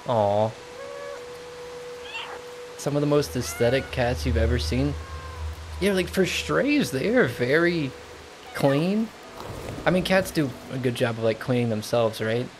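Excitable male streamer, lively slow delivery. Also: mid-range voice, background noise. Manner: excitable, gasping and laughing at the game. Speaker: game streamer. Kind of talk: casual live game-stream commentary. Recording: game music under the voice. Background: game music clearly audible.

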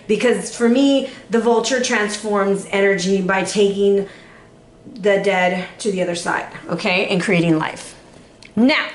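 A woman giving a casual, playful tarot reading to camera, chatty and quick to laugh. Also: fairly high pitch, echoey room. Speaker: tarot reader.

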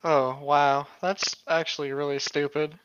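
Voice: medium pitch, little pitch movement, measured pace, a bit bright, clean tone, dry recording, dull audio. A podcast co-host chatting casually, laughing often and saying "like" a lot.

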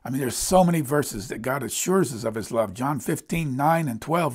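A man's voice: mid-range voice, animated, moderate pace, few pauses, a little mellow, husky. A middle-aged man preaching a sermon as a pastor, speaking in an earnest, emphatic way.

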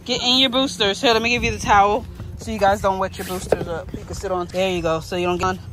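A woman's voice: mid-range voice, steady tone, fast. A young woman and mother hosting a casual family vlog, talking playfully and upbeat with her kids outdoors and then in the car.

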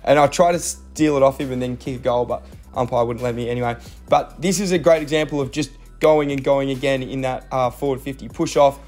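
A man's voice: mid-range voice, fairly even intonation, fairly quick, darkish tone, soft background music. A young man with an Australian accent talks casually over his own game footage, mixing coaching tips with self-deprecating asides and many fillers.

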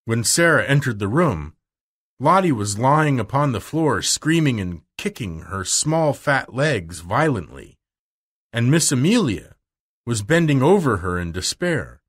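Male narrator, husky voice, animated storybook reading for learners. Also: medium pitch. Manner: slow, clear, expressive.

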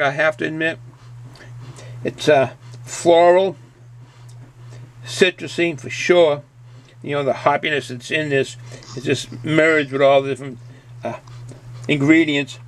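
A middle-aged man with a Boston accent chatting casually through a beer review, rambling and folksy and often repeating himself. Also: a little high.

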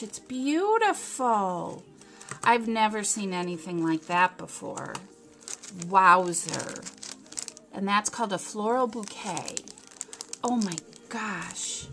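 A woman's voice: mid-range voice, fairly bright tone. A woman craft vlogger unboxing a gift package, gushing and exclamatory, with frequent gasps.

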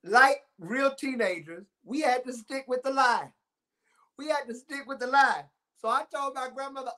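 A man's voice: very high voice, normal speed, pushed and bright. Man, forties, casual livestream talk, storyteller. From Timpson, Texas. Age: 40s. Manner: chatty storyteller, addresses viewers as y'all. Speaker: pastor.

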